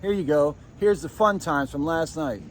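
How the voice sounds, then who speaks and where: Guy with a higher voice going off about his roommate into his phone, swearing a lot, bit of faint noise behind. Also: moderate pace. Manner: profane, heated and confrontational. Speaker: vlogger. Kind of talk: angry ranting vlog. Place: shared apartment indoors.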